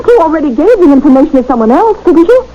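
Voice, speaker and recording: An actress playing an animated woman friend with spy theories in a 1970s radio drama. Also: sits high. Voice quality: quick, animated. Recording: dull old radio broadcast.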